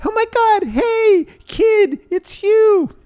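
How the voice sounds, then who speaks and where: A man putting on the high, exuberant voice of his elderly, forgetful father greeting his son with delight. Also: big pitch swings, moderate pace, full character voice. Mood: overjoyed. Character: elderly excited forgetful father, joyful and playful.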